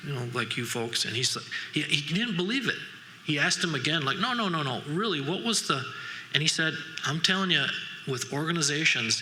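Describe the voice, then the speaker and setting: A man's voice: medium pitch, sharp tone. A middle-aged man giving a conference keynote, telling folksy stories full of asides and restarts. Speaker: keynote speaker. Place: large conference hall. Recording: long hall reverb from a conference room.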